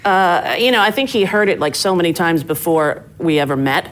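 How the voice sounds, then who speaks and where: A middle-aged woman, a comedian telling stories in a casual interview and acting out quotes with big jumps in pitch. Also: animated, moderate pace, low-quality recording. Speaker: comedian guest.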